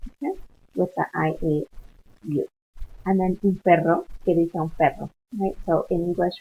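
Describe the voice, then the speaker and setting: A woman's voice: lowish voice, normal speed, breathy edge. Woman teacher over tinny, phone-like audio. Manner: patient, explanatory, switching between English and Spanish words. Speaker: Spanish instructor. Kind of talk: screen-share walkthrough of online coursework.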